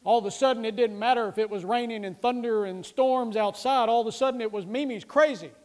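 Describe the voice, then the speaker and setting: A middle-aged pastor preaches in a high-pitched voice, pressing his points with repeated phrases and frequent restarts. When he quotes scripture, he lifts his voice and slows into a declaiming cadence. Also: steady tone, a little mellow. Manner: recites scripture passages in a raised voice. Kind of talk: sermon.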